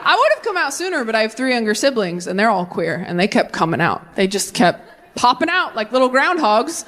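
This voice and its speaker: A woman's voice: on the high side, sing-song, brisk, a bit bright, slight background noise. A woman in her thirties performing a stand-up set with a punchy, wry delivery, often jumping into character voices. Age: 30s. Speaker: stand-up comedian.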